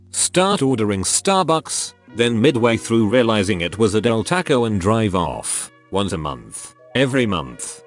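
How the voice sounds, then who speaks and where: Low synthetic guy reading posts out loud, bouncy intonation, faint music behind. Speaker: narrator. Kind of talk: scripted narration reading online posts.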